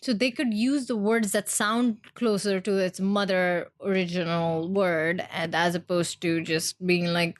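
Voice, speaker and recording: Animated Indian-accented woman chatting. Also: on the low side, measured pace, hardly any pauses. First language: Hindi. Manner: animated, acts out quoted voices. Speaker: podcast co-host. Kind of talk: casual chat.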